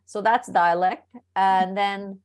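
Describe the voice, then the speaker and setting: A woman's voice: mid-range voice, steady tone, takes it slowly, clear, resonant tone. A woman on a video call, a workshop participant chatting and laughing as she shares funny stories. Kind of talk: casual storytelling.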